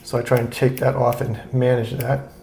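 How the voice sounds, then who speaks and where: Chill guy with a raspy low-key voice, talking you through a beard trim, lots of uh's, echoey room. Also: level tone, moderate pace, darkish tone, slight background noise. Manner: easygoing, chatty, repeats himself with fillers. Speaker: beard grooming vlogger. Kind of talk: relaxed how-to talk while trimming.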